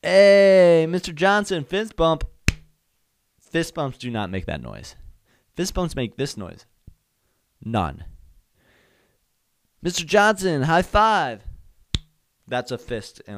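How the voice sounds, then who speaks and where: A man's voice: low-pitched, vocal fry, a little mellow, no room sound, studio quality. A young man hosting a solo podcast, telling comedic stories and acting out voices and sound effects. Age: young adult. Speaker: podcast host.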